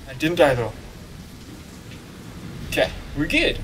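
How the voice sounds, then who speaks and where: A man giving casual, excitable commentary while playing a video game, joking and talking back to the game. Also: medium pitch, a little slow, long pauses, recorded from a distance, slight background noise. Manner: excitable, jokey, talks to the game. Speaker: let's play gamer.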